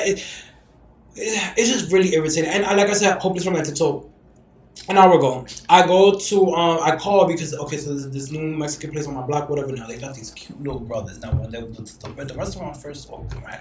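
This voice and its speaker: A man talks fast on a casual podcast, his voice sitting a little high. He tells his stories in an animated, profane rush, with faint noise in the background. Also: reverberant. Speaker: podcast host. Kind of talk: casual chat.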